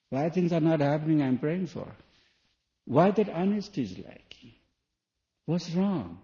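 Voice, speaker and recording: A man's voice: on the high side, warm tone. Questioning man preaching, dull old tape. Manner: rhetorical questions, non-native phrasing. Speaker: spiritual teacher. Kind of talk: spoken sermon to an audience. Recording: dull lo-fi 1980s tape recording.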